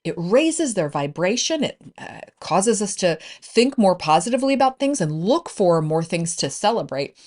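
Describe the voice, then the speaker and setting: A woman's voice: mid-range voice, big pitch swings, normal speed, hardly any pauses, a little mellow. A woman business coach hosting a solo podcast, upbeat and encouraging in a conversational way.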